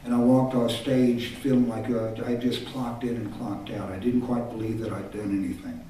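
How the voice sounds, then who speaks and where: A man's voice: lowish voice, steady tone, normal speed, mellow, a little hiss or hum. An older man from Texas, a singer-songwriter, telling reflective, self-deprecating stories on stage between songs. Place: concert stage. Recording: echoey live hall from far off. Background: guitar music.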